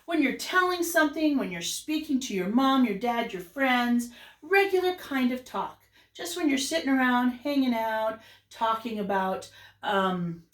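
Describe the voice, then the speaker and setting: A woman teaching a kindergarten class, with an animated, exaggerated sing-song delivery. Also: fairly high pitch. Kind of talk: lesson for young children. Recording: roomy echo, voice from a distance.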